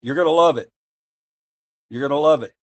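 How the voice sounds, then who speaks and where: A man's voice: fairly high pitch, brisk. A male streamer in casual chat, rambling and thinking aloud while he searches for a clip.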